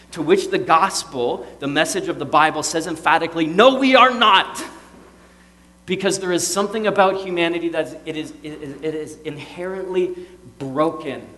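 A man in his thirties preaching a sermon in a casual, joking way, swinging between loud outbursts and quiet, serious stretches. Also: fairly high pitch, in a large hall. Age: 30s. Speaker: pastor.

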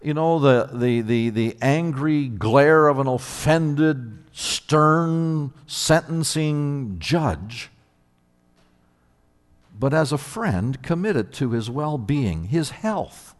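A man preaching a sermon, emphatic and animated, often repeating words as he builds his point. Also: mid-range voice, slow, hardly any pauses. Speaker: pastor. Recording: long hall reverb.

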